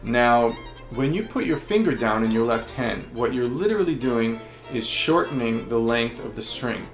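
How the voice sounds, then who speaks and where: Male violin teacher, patient explainer, gravelly tone, roomy echo. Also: medium pitch, animated, moderate pace, soft background music. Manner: patient, explanatory, with frequent fillers. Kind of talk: instructional explanation.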